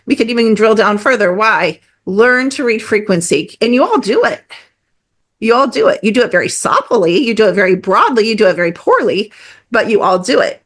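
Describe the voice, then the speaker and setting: A middle-aged woman speaks in a mid-range voice as a podcast guest. She is animated and emphatic, piles on fillers, and acts out little quoted reactions as she goes. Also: medium pitch, a little fast. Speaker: guest energy healer. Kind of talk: casual podcast conversation.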